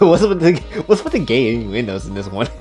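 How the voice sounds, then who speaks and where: Man, casual story recap, animated, joking, profane asides, mid-pitched voice, faint background music. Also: a little fast.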